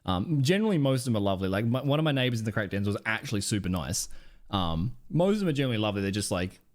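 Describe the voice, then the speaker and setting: A man's voice: fairly low pitch, sing-song, racing. A young Australian man casually commentating on clips on his stream, rambling and swearing a lot.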